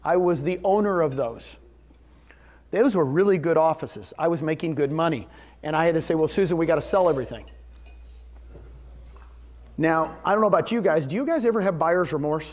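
A man in his fifties presenting on real estate speaks a little fast at a fairly high pitch, telling the live audience a personal story and asking them questions. The recording is dull and lo-fi.

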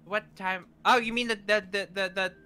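A man's voice: high-pitched, fairly even intonation, moderate pace, bright, forceful tone, clean tone. A man roleplaying in a Minecraft series who talks in a flustered, stammering way and keeps repeating words. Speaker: roleplay player.

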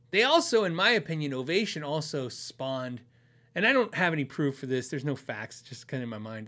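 A man's voice: medium pitch, a bit bright. A man hosting a podcast, telling stories in a rambling, casual way and chuckling often. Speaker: podcast host.

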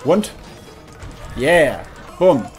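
Excitable young man commentating on a game. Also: on the high side, drawn-out words, faint music behind. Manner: excitable, swearing, exclaiming, laughing. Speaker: gaming video host. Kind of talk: let's-play commentary.

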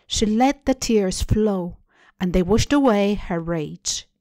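A woman hosting a storytelling show, reading a translated short story aloud in a measured, deliberate way. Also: medium pitch, lively intonation, warm tone, dry recording. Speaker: story reader. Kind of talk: literary reading.

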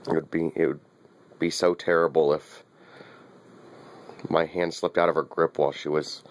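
With a very deep, level voice at normal speed and slight background noise, a man films his little dog. He offers a casual, wry running commentary to camera, teasing the pet and repeating himself often.

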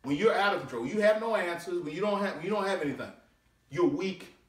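A man, a deacon, preaching a sermon with drawn-out scripture readings and swooping pitch. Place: church sanctuary. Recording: echoey church room, mic at a distance.

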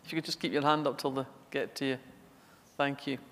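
A man chairing a festival event, reading out audience questions in a measured way. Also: mid-range voice, fairly even intonation, a bit bright, a little hiss or hum. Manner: reads questions aloud, measured. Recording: long hall reverb from a festival stage.

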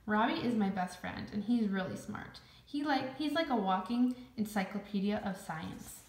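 A woman's voice: medium pitch, animated, normal speed, lightly acted. A friendly young schoolboy who narrates a storybook in a chatty way, as a woman reads him aloud. It is recorded in an echoey room. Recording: roomy echo.

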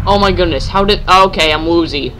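A man's voice: fairly high pitch, brisk, noisy background. A man giving jumpy, nervous commentary while playing a horror game, yelping at scares and chattering to himself. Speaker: let's play gamer.

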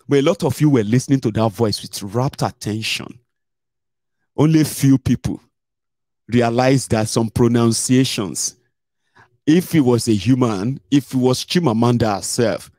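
A man's voice: mid-range voice, darkish tone, no room sound, clean studio sound. A man with a Nigerian accent hosting a political livestream, chatty and digressive, slipping into pidgin with many fillers. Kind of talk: casual livestream commentary.

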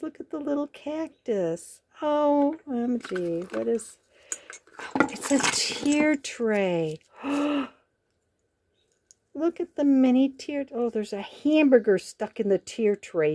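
Woman crafting vlogger, twang, unhurried and mellow, gushes and gasps over every little find. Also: high-pitched, lively intonation, a little hiss or hum. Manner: gushing, gasps often with delight. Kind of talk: casual unboxing chat.

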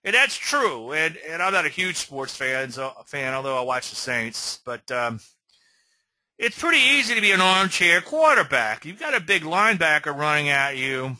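A man's voice: a little high, sing-song, normal speed, sharp tone, no echo, poor audio. A man hosting an informal trading lecture, rambling through conversational asides and often checking in with "okay?". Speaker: trading educator and show host.

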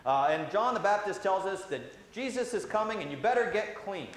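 A man, a priest, giving a gentle, conversational children's sermon with many "uh" fillers in a church sanctuary. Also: high-pitched, animated, a little fast. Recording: very echoey church hall, faint hiss.

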